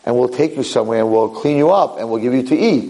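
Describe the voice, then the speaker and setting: A man's voice: mid-range voice, animated, fast, dark tone, close to an everyday voice, poor audio. A man voicing a young king in a spoken parable, firm and insistent. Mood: commanding. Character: young male king, calm and commanding.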